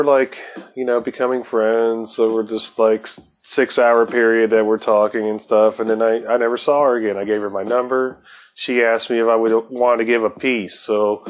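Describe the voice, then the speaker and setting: A man telling a rambling personal story in a laid-back, profane way, full of fillers and restarts, and high while he talks. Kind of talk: casual storytelling.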